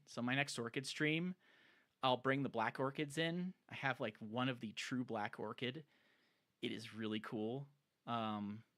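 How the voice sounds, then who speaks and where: A man's voice: mid-range voice, fairly bright tone. A man chatting casually on a live stream, rambling and enthusiastic, with lots of fillers. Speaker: streamer showing his plant collection.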